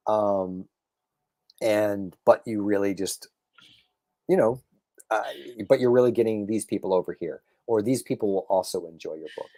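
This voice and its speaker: A man, a comic book writer and guest on a casual podcast interview, telling stories with lively acted-out quotes and many restarts. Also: fairly low pitch, normal speed, no echo, studio quality. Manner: animated storyteller, acts out quotes, frequent restarts.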